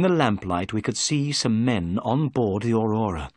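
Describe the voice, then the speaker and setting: Expressive man reading a story aloud. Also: lowish voice, normal speed, few pauses, no echo, clean studio sound. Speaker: narrator. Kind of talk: scripted storybook narration.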